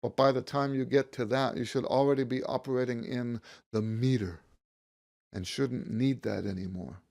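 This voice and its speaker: A man's voice: medium pitch, fairly even intonation, moderate pace, creaky, darkish tone. A man teaching a music lesson, counting beats aloud and stopping to rephrase himself as he explains.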